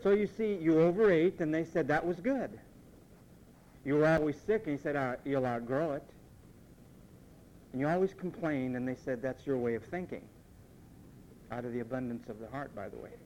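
A man preaching a sermon, emphatic and repetitive, mimicking what others say in quick asides. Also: on the high side, darkish tone, muffled recording, slight background noise.

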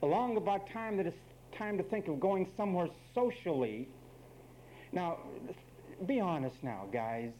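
A male preacher delivers a sermon with a slightly raised pitch and a mellow, warm tone. He is emphatic and wry, turning to address the men and then the women of his congregation directly. A faint hum of ambient noise sits behind him. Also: lively intonation, measured pace, rough recording.

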